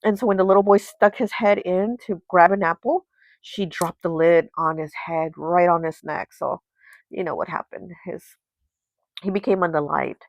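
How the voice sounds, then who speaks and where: A woman's voice: on the low side, moderate pace, vocal fry, muffled recording. A woman, host of a tarot channel, retelling a folk tale in a chatty, casual way, full of fillers. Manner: chatty, heavy with fillers like "you know" and "like". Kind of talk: casual storytelling.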